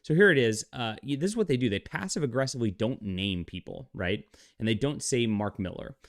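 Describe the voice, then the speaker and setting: A man's voice: medium pitch, expressive, a little fast, no echo, studio quality. A man hosting a commentary vlog, ranting in a heated, mocking way with scoffing laughs and rambling restarts. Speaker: channel host and comic commentator.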